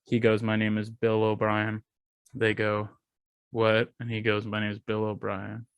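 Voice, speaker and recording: A man's voice: lowish voice, measured pace, creaky, smooth, dry recording. Young man ranting through a funny story. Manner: animated storytelling, swearing, acting out quotes. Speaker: podcast co-host. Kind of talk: casual chat.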